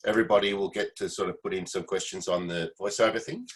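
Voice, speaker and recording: Low-voiced man giving advice on a call. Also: steady tone, fast talker, a bit bright, low-quality recording. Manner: rambling, advisory. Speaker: meeting participant, former session musician. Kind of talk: casual video-call chat. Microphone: video call.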